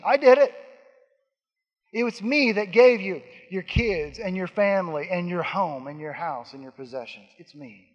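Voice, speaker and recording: Brief: high-voiced male pastor, emphatic repetitions, sermon ringing in a long-reverb hall. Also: muffled recording. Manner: emphatic, repeating lines and swinging between soft and loud.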